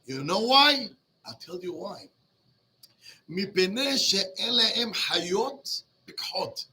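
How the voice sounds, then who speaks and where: A rabbi tells a class a story from the Talmud in a lively, animated lesson, moving between Hebrew and English and acting out the characters. He has a high voice and speaks at a moderate pace.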